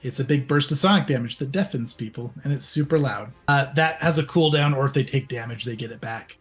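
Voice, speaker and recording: A man's voice: medium pitch, a little fast. A man running a tabletop game as game master, easygoing and laughing at his own slips, with music in the background.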